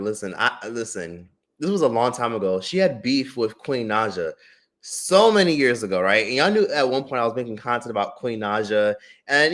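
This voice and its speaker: A man on a livestream telling a long personal story in a casual, animated way. He swears often and fills his talk with "like". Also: medium pitch. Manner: animated, profane storytelling with many "like" fillers. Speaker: streamer and drama commentator.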